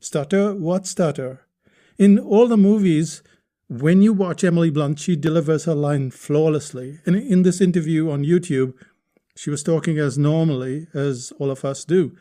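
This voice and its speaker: A man's voice: fairly high pitch, normal speed, dark tone. A man hosting a podcast lesson on writing, explaining step by step and posing rhetorical questions to the listener. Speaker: podcast host teaching writing.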